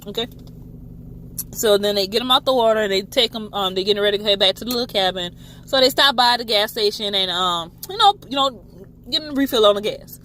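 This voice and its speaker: A woman's voice: medium pitch, fast, slight background noise. Chatty woman recapping a show. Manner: chatty, animated, swears freely. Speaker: TV show reviewer. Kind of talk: casual recap.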